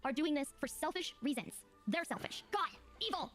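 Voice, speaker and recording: A woman's voice: high voice, expressive, fairly bright tone, faint music behind. A woman co-hosting a livestream, giving heated commentary in casual chat and reading messages aloud. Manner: fast, heated ranting, reads messages aloud. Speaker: streamer co-host.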